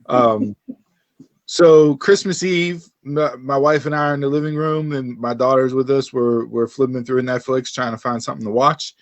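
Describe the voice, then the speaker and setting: A man in his thirties co-hosting a casual podcast, telling a story with lively acted-out quotes. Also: medium pitch, moderate pace, no echo, lo-fi sound. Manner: animated storyteller, acts out quotes. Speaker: podcast co-host.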